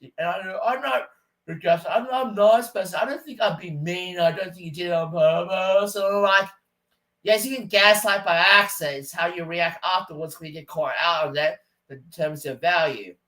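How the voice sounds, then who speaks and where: A man's voice: high voice, normal speed, sharp tone, rough recording. A man ranting to camera in a rambling, stop-start, aggrieved way. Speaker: vlogger. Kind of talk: casual rant to camera.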